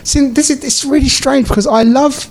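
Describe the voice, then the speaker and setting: A man's voice: extremely high pitch, fairly even intonation, normal speed, darkish tone. A man co-hosting a podcast in casual chat, rambling with many fillers and restarts. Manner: rambling, lots of likes and restarts. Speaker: podcast co-host.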